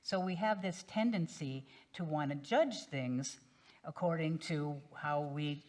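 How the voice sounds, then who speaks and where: A woman minister telling a parable during a sermon in a relaxed, gentle storytelling manner. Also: low voice, a little slow.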